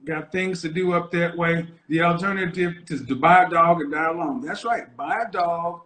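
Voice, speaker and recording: A man's voice: fairly high pitch, normal speed, bright, forceful tone. A man hosting a live stream, lecturing and teasing his audience in a provocative, mocking way. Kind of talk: casual live-stream monologue. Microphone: phone.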